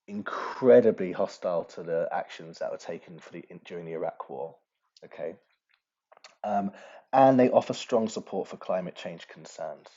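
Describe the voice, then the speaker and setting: Deep-voiced male teacher, lo-fi lesson recording. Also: dark tone. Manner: conversational, many fillers.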